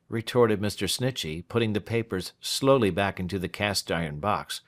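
A man narrating a classic story for English learners in a slow, clear, expressive reading. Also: deep voice.

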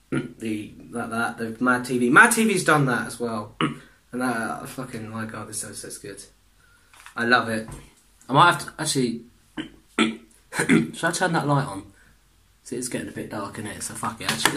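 A man's voice: medium pitch, sharp tone, reverberant, a little hiss or hum. A man hosting a reaction video, swearing heavily and exclaiming between bursts of laughter, in a room indoors. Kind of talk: casual reaction commentary.

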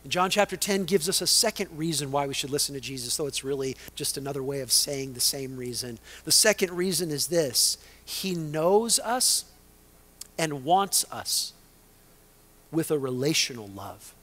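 A male pastor preaching a sermon, swinging between loud emphasis and hushed, dramatic lines. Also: on the high side, animated, moderate pace.

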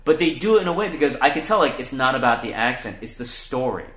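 A man's voice: medium pitch, lively intonation, quick pace, fairly bright tone. A man, a comedian hosting a casual chat, talking profanely and with animation, mocking other people's voices. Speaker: comedian podcast host. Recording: echoey room.

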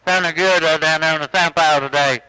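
High tense-sounding mississippi guy on the radio, dry close sound. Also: fairly even intonation, fast talker, sharp tone, clean tone, no room sound, rough recording. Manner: friendly sign-off chatter with call signs. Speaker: CB radio operator. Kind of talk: casual radio chat.

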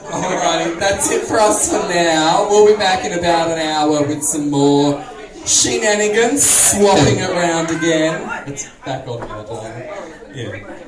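A man's voice: a little high, unhurried. A man hosting a drag show on a club stage, trading crude, teasing, camp banter with the crowd. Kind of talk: bawdy live stage banter. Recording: echoey club room, distant mic, loud crowd and music.

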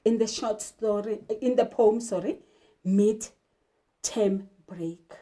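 A woman's voice: mid-range voice, takes it slowly, mellow. A woman teacher from South Africa giving an English literature lesson, emphatic and asking rhetorical questions. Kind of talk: classroom lesson.

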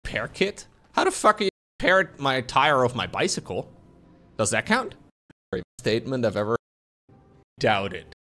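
A man's voice: mid-range voice, sing-song, moderate pace, long pauses, sharp tone. A man streaming live, reacting with casual, joking commentary and wry, sometimes profane asides. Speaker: Twitch streamer.

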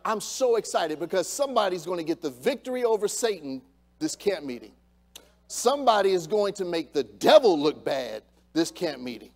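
Male pastor, high voice, fervent sermon, quiet to loud swings, church sound system. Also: animated, moderate pace. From United States. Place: church sanctuary.

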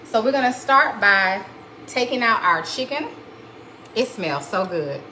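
A woman's voice: medium pitch, very animated, unhurried, pushed and bright, slight background noise, low-quality recording. A woman hosting a live cooking demonstration in her kitchen, chatty and folksy, calling viewers honey and y'all. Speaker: cooking show host. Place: home kitchen.

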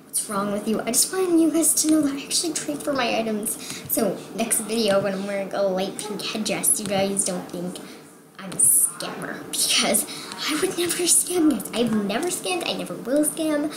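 A young woman vlogging about a game, excitable and rambling, often dropping to a whisper. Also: on the high side, normal speed. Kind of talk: casual gaming vlog. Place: home room. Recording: echoey room with background noise. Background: TV sports broadcast playing.

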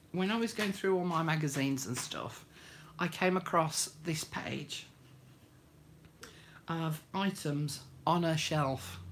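A woman's voice: deep voice, slight background noise. A woman hosting a live craft demonstration, chatting homely and greeting viewers by name. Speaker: craft tutorial host.

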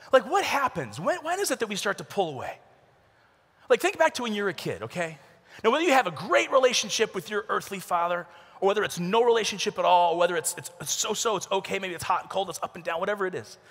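Animated man speaking in a big hall. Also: high-pitched, quick pace. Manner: animated storytelling, acts out voices with shouts and whispers. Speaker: youth conference speaker. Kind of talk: humorous youth talk. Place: large conference arena. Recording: large hall with long reverb.

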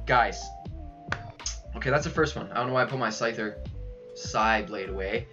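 A young man livestreaming a card unboxing, excitable and loud, saying yo over and over and laughing as he goes. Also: on the low side, moderate pace, long pauses, highs cut off, over music. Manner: hyped, keeps saying yo, yells and laughs. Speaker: streamer unboxing trading cards. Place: his room at home.

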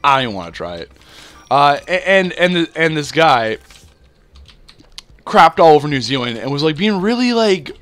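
A man's voice: on the high side, sing-song, moderate pace, long pauses, a bit bright, no room sound. A young man from Canada rambling through casual gameplay commentary, full of fillers and self-deprecating asides. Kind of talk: casual let's-play commentary.

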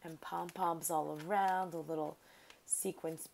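A woman's voice: deep voice, fairly even intonation, a little slow, vocal fry, a little mellow. A woman vlogger chatting casually while opening a craft mail package, gushing over each item and talking to the sender. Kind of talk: casual unboxing chat.

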